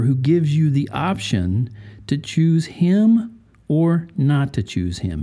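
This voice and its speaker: A man's voice: medium pitch, warm tone. A man hosting a faith-based podcast, talking conversationally and putting rhetorical questions to the listener. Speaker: podcast host.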